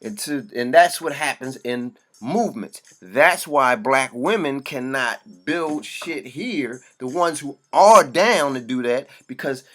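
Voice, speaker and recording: A man with a mid-pitched voice pours out a passionate monologue. He is blunt and swears freely. His delivery comes in forceful, preaching bursts. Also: animated, slow, hardly any pauses. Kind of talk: impassioned monologue.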